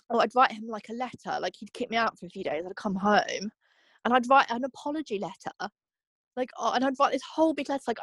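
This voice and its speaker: A young woman telling her own story in a candid, halting way, full of fillers. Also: fairly high pitch, lively intonation, a bit bright, dry recording. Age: young adult. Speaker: interviewee. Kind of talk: personal testimony.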